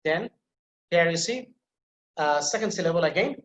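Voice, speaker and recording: A woman teaching English pronunciation, repeating each example word patiently and clearly. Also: fairly low pitch, animated, normal speed, reverberant, heavy background noise. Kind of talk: online pronunciation lesson.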